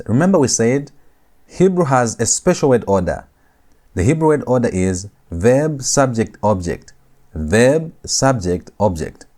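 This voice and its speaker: A man teaching a Hebrew grammar lecture, repeating each phrase slowly and stressing key words for his students. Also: mid-range voice, a little mellow. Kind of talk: recorded classroom lecture.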